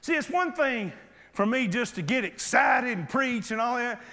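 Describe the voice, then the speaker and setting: A man preaching an impassioned sermon, acting out Bible characters and often breaking into shouts. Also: very high voice, expressive, normal speed. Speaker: pastor. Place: church sanctuary. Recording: long hall reverb.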